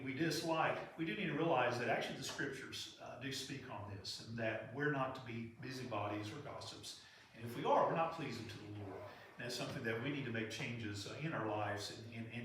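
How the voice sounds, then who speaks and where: A man's voice: mid-range voice, a bit bright, a little hiss or hum. A man preaching a sermon in a church in an earnest, conversational way. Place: church sanctuary. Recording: echoey hall from far off.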